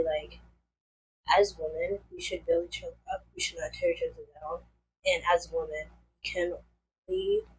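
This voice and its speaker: A woman's voice: lowish voice, slight background noise, low-quality recording. A young woman, likely in her teens, telling a storytime vlog in a rambling casual way, full of fillers. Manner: rambling, many fillers like "like" and "and all that stuff". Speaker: vlogger.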